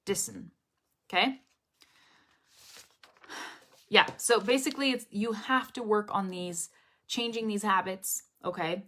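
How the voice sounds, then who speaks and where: A woman's voice: medium pitch, a little slow, pauses often, fairly bright tone. A woman teaching English pronunciation in a casual live lesson, repeating drill phrases over and over and often checking in with "okay?".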